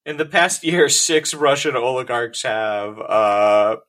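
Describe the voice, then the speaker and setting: A man co-hosting a casual podcast, walking through a news story with dry amusement and little laughs. His voice sits in an ordinary middle pitch. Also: animated, slow pace, fairly bright tone. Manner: wry, laughing while explaining. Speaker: podcast co-host. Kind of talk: casual banter.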